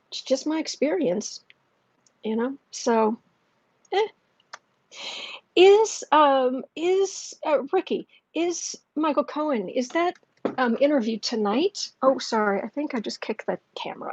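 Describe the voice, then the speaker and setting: A woman hosting a livestream as a tarot reader, chatting casually with many fillers and restarts, speaking softly and gently and sometimes dropping to a near whisper. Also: sits high, breathy edge, rough recording. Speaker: tarot reader and channel host.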